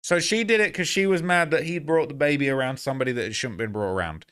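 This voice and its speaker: A man's voice: fairly high pitch, fast talker, a bit bright, smooth. A man from California giving blunt, scornful reaction commentary with lots of swearing.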